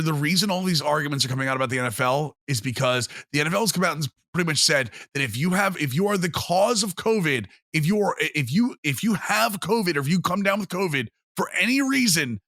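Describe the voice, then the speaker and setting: Excitable high-voiced man with gravelly edge. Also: no echo, clean studio sound. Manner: animated, laughs often, reads quotes mockingly. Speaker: sports podcast co-host. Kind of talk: casual sports chat.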